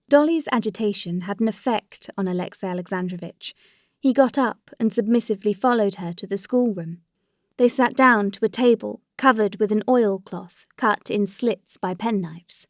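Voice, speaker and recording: A female audiobook narrator reads a classic novel in a steady, even storytelling manner. Her mid-range voice keeps a moderate pace in a dry, clean studio recording.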